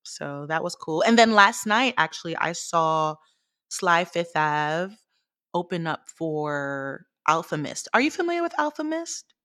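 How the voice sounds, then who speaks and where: A woman's voice: lowish voice, sing-song, measured pace, a bit bright, no echo, studio quality. A young woman co-hosting a podcast in casual chat, laid-back and slangy, laughing easily. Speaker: podcast co-host.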